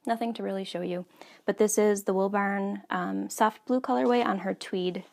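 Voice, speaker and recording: Woman in her 30s chatting about knitting at home, lots of ums, bit of vocal fry. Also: mid-range voice, steady tone, normal speed. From United States. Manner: chatty, many ums, soft asides. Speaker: podcast host. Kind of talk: casual chat.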